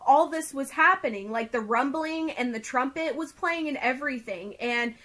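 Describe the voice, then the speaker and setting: A woman's voice: sits high, normal speed, fairly bright tone. A young woman earnestly retelling a personal experience in casual chat, filling nearly every phrase with "like". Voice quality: filler-heavy, says "like" constantly. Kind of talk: casual storytelling.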